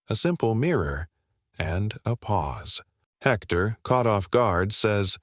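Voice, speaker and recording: Male narrator, lowish voice, measured and assured scripted delivery, dry close sound. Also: lively intonation, dry recording. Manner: measured, confident storytelling with rhetorical questions.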